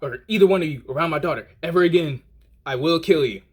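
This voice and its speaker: A man's voice: fairly high pitch, fast talker, slightly rough, voice pushed up. An enraged middle-aged father snarls threats in a thick put-on accent, as a young storyteller acts him out. He barks short, harsh orders. He sounds like he means every word. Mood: menacing.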